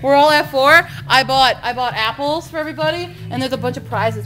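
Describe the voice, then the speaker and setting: High bright excitable woman vlogger. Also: soft background music, poor audio. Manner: excitable, rambling, with quick restarts. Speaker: vlog host. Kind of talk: casual video-diary chat.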